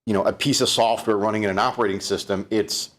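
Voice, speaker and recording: A man from Canada with a fairly low voice talks through a keynote in a relaxed, conversational way. He keeps stopping to restart phrases and fills gaps with "um" and "uh". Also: fast. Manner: conversational, fillers, many restarts. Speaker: keynote presenter. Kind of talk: live-streamed keynote talk.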